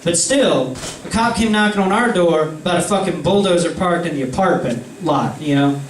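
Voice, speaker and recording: A young man with a high voice tells a rambling, profanity-laced story to his friends. He sits back from the mic in a roomy space. A faint ambient hum runs underneath. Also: moderate pace, distant mic. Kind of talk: casual anecdote. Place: indoor room with friends.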